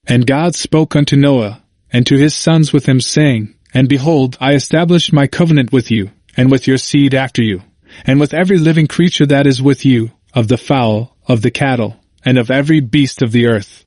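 A man reading scripture and a Bible commentary aloud, with slow, deliberate phrasing broken into short clauses. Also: medium pitch, darkish tone, dry recording, studio quality.

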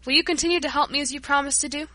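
A woman's voice: sits high, fairly even intonation, very fast, bright, forceful tone, dry recording. A woman voicing a humble, repentant workman. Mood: earnest, humble. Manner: earnest, pleading delivery. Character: humble repentant male Breton workman, former drunkard. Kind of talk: audiobook narration.

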